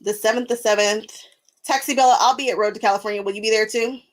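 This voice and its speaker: A woman hosting a casual crafting live stream, chatting with viewers while she sews, animated and often laughing, repeating phrases for emphasis. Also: a little high, fast, low-quality recording. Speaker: quilting live stream host. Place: home sewing room.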